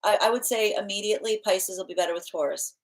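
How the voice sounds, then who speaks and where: A woman's voice: mid-range voice, steady tone, fast, rough recording. A woman reading tarot on a live stream, chatting casually with her viewers, laughing often and talking with many fillers and restarts. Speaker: tarot reader answering live chat.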